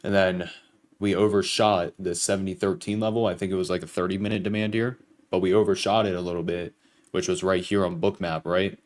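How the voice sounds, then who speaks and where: A young man with a low voice hosts a live trading stream. He talks casually and swears now and then while he walks his viewers through a trade. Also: level tone, fairly quick. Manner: casual and profane, explains trades to chat. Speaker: livestream trading host. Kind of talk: casual livestream chat.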